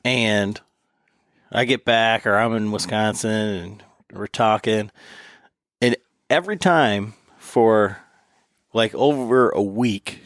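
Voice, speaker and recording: A man from Michigan hosting a casual hunting podcast, telling stories with lively energy and acting out what others said. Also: lowish voice, takes it slowly, pauses often, no room sound, clean studio sound. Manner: animated storyteller, acts out other people's lines. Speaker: podcast host.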